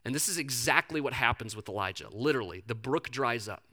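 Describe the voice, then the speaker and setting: Bright-voiced male pastor preaching. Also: mid-range voice, fast. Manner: conversational, animated storytelling. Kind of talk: sermon.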